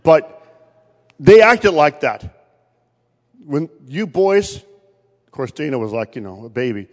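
A man's voice: a little high, very animated, slow pace, long pauses. A man preaching a sermon, telling a family story and quoting his relatives along the way. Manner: storytelling, quotes family members in his own voice. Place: church. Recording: long reverb of a church hall.

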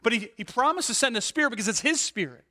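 Bright-voiced male pastor preaching in a reverberant hall. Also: very high-pitched, fast. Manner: animated preaching, rhetorical questions, frequent "right?"; restarts and repeated words when building a point. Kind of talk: sermon.

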